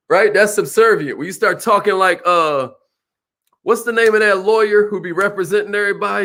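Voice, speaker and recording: A man giving an animated motivational sales seminar, calling out to the audience. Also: sits high, moderate pace. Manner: animated, preacherly, calls out to the audience. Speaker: sales trainer.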